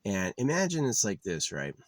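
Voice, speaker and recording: A man's voice: fairly low pitch, huge pitch swings, normal speed, no room sound. A man ranting profanely in a casual monologue, exasperated and mocking the people he argues with. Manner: profane, exasperated, mocks others in put-on voices. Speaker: vlogger.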